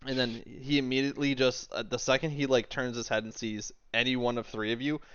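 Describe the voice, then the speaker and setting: A man's voice: mid-range voice, steady tone, a bit bright, clear, resonant tone, dry recording. Laughing man game master on lo-fi call. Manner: casual, laughing often, halting restarts. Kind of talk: narrating a tabletop game.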